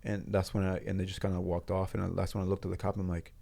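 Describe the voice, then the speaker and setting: A man with a low, gravelly voice and a dark, mellow tone, telling a personal story as a guest in a studio interview. He speaks in a halting, earnest way, often circling back and restarting his sentences. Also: flat delivery.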